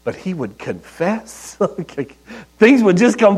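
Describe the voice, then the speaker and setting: A man preaching a sermon in a conversational, storytelling way, with soft asides. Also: high-pitched, very animated, takes it slowly, slightly rough, low-quality recording. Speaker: pastor.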